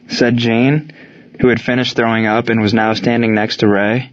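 A man narrating an audiobook in a steady, measured reading. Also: on the low side. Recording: dull lo-fi recording.

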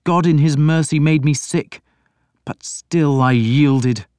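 A man's voice: fairly high pitch, slow, darkish tone, clear, resonant tone, dry recording, clean studio sound, pitched above the performer's own voice. A man doing an anguished young prince. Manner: strained, pleading. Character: tormented young male prince, anguished and bitter.

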